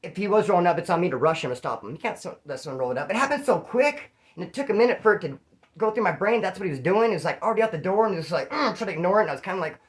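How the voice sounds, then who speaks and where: A man's voice: sits high, animated, racing. A man casually telling stories in a profane, slangy way, acting out other people's lines as he goes. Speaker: former inmate storyteller. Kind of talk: casual storytelling.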